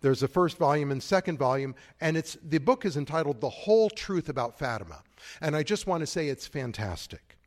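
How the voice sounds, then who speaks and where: A man's voice: a little high, expressive, fairly quick. A man who is a priest, giving a conference talk in a conversational, digressive way with frequent asides.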